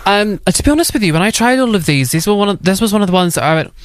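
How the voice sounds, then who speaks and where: A man with a Northern Irish accent co-hosting a podcast, chatty and quick to laugh. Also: sits high, animated, no echo. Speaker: podcast co-host. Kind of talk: casual chat.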